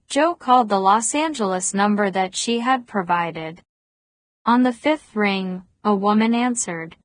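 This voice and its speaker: Slow, measured woman reading an audiobook. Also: on the high side, no room sound. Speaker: audiobook narrator. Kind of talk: scripted narration.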